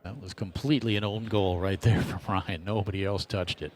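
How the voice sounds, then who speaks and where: A man's voice: deep voice, a little hiss or hum. A man calling a table soccer match live as play-by-play commentator, rattling off each move with energy. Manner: rapid, energetic shot-by-shot calling.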